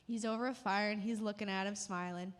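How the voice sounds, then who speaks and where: A woman's voice: mid-range voice, fairly even intonation, a little fast. Woman preaching in a reverberant hall. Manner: vivid retelling, emotional emphasis. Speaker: church speaker. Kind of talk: storytelling sermon. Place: church.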